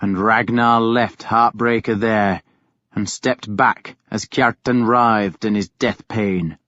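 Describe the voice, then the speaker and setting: A man reading an audiobook as scripted first-person narration, grave and measured. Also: lowish voice, steady tone, a bit bright, no room sound. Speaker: audiobook reader. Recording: dull, dry studio recording.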